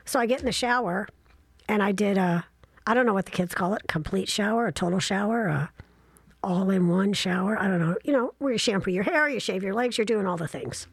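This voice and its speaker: Woman, 60s, husky breathy voice, dry close sound, chatty self-mocking storyteller. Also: mid-range voice, brisk, dry recording. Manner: chatty, self-deprecating, animated asides. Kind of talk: casual travel storytelling.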